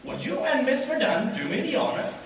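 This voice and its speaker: A male actor playing an excitable, bossy young college gentleman in a stage play, speaking theatrically, recorded from far off in an echoey hall. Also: very high voice, a little fast, background noise. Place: school stage in a large hall.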